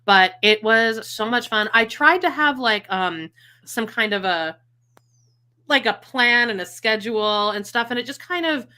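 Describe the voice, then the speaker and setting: A woman co-hosts a casual podcast, her voice bright and forceful. She rambles in an animated way, full of fillers and easy laughter. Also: a little high, measured pace. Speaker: podcast co-host. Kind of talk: casual chat.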